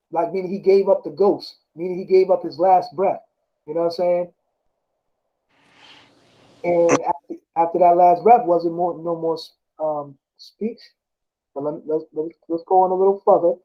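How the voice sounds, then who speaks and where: A man with a rather high voice talks loosely about scripture. He stops to read verses slowly and often corrects himself mid-thought. The recording sounds dull and lo-fi. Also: fairly even intonation. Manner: rambling, self-correcting, often asks "you know what I'm saying?". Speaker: speaker discussing scripture. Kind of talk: casual religious talk, reading verses aloud.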